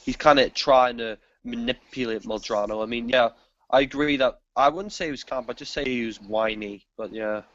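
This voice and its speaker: A man's voice: medium pitch, moderate pace, dry recording. A man chatting agreeably about a film in a casual discussion. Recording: dry, dull lo-fi recording.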